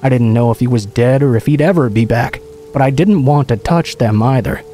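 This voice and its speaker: A man telling a first-person horror story in a steady, measured scripted narration. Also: medium pitch. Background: faint music and rain.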